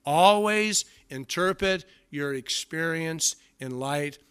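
A man's voice: a little high, slow pace, a bit bright, clean tone. A male pastor preaching a sermon with emphatic delivery, often repeating words for stress.

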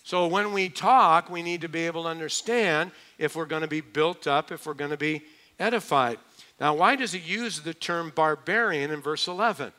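Bright-voiced middle-aged male preacher. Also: a little high, moderate pace. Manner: conversational, joking asides with mimicked voices. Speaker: pastor. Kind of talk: expository sermon.

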